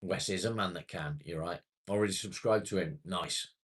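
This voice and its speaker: A British man from England, a live streamer, chats casually and rambles to his viewers, swearing now and then. His deep voice is husky with a fairly bright tone, and he talks at a moderate pace.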